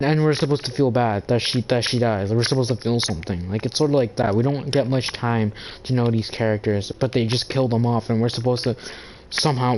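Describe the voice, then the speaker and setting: A man rants on his own channel, talking at a middle pitch. He rambles, swears often and keeps restarting his sentences, so the talk feels loose and offhand. Faint noise sits under the voice. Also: a little mellow, low-quality recording. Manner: rambling, profane, full of "like" and restarts. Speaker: gaming channel host. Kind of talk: casual ranting monologue.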